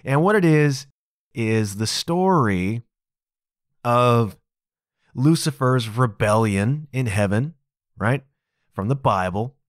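A man's voice: mid-range voice, animated, slow, pauses often, dry recording, clean studio sound. A man hosting a podcast, explaining a topic in a casual, emphatic solo talk. He keeps checking in with "okay?" and chuckles at his own asides. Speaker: podcast host.

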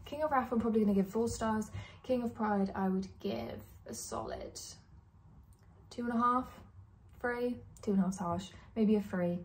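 A woman's voice: mid-range voice, expressive, normal speed. A young woman in her twenties, a vlogger giving casual, candid book opinions with plenty of "like" and "um". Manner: chatty, candid, lots of likes and ums. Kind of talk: casual chat.

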